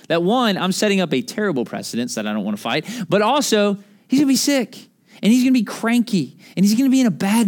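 With a high voice, a man in his thirties delivers a sermon as pastor. His style is animated and conversational, weaving stories in between scripture.

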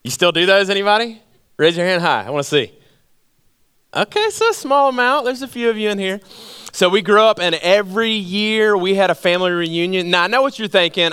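Man, pastor, lively storytelling sermon, acts out voices, smooth clear voice, dry sound. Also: a little high, no echo. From Georgia, US. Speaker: campus pastor. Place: church auditorium.

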